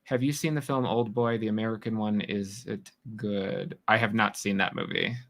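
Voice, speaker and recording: A man's voice: on the low side, fairly even intonation, creaky, fairly bright tone. A man from New York hosting a casual livestream, reading viewer comments and teasing the chat. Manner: chatty, teasing, quick reactions to chat. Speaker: livestream host.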